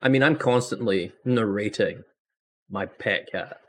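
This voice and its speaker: A man's voice: fairly low pitch, a little slow. A man hosting a casual chat about tabletop role-playing, talking enthusiastically and circling back with many restarts and fillers. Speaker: podcast host, dungeon master.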